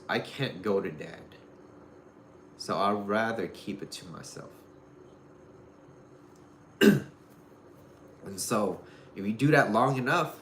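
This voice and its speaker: A man's voice: medium pitch, a bit bright. A man giving casual dating advice in a loose, rambling way, full of "like" and "you know". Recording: roomy echo with faint noise.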